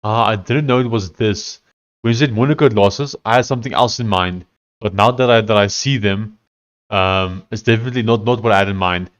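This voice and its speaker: A man's voice: fairly low pitch, fairly quick, lo-fi sound. A man chatting casually while he codes and tests his app, thinking aloud as he goes. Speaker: developer streaming his coding session. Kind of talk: casual live-coding chat.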